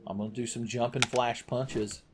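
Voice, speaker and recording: A man's voice: medium pitch, level tone, normal speed, noisy background. Crude joking man playing a game. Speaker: gaming channel host. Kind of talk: let's play commentary.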